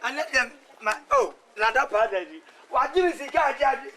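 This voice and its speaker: A man's voice: very high voice, sing-song, fairly quick, pushed and bright, a little hiss or hum, heavily acted, rough recording. A man with a Ghanaian accent acting a bumbling village man who keeps protesting in a comedy film.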